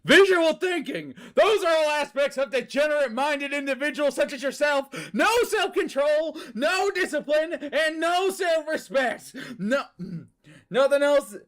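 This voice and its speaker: A man's voice: extremely high pitch, animated, a little slow, a bit bright, voice pushed up, heavily acted. A man voicing a pompous young male gang leader who sneers and speechifies theatrically. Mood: grandiose.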